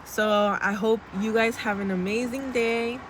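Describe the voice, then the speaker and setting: A woman's voice: a little high, fairly even intonation, a little slow, noisy background. A young woman in casual, blunt pep-talk mode, chatty and sweary, calling her viewers girl as she vlogs. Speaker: vlogger.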